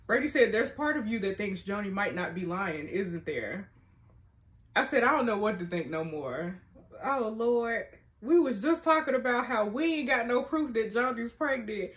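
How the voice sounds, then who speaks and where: Woman, casual reading aloud, animated asides, fairly high voice. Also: normal speed. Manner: animated, laughing asides, reads dialogue aloud. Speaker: narrating and reacting to a story game.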